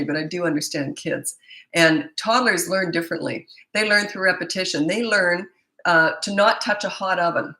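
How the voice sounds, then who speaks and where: A woman's voice: lowish voice, pushed and bright, reverberant, low-quality recording. Blunt, chatty woman parenting coach. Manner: chatty and blunt, with stammered restarts. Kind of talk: live Q&A answering viewer comments.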